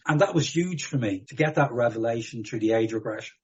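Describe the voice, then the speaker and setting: Middle-aged Irish man, podcast guest, earnest storyteller; slightly husky, muffled recording. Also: medium pitch, fairly quick, few pauses. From Ireland. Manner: earnest, vivid storyteller who laughs now and then. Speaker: guest hypnotherapist. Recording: dull lo-fi audio.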